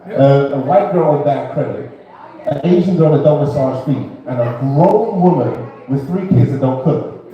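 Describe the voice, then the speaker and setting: A man's voice: mid-range voice, measured pace, lo-fi sound. A man performing a rambling, laid-back stand-up set at an open mic, full of fillers. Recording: roomy club sound from a distance.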